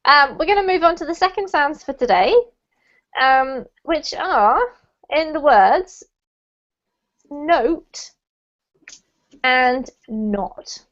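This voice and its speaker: A high-voiced woman teaches pronunciation over a video call, patient and encouraging. She spells out the emphasis carefully, and the audio comes through dull and lo-fi. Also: expressive, unhurried, fairly bright tone. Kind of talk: online class drills.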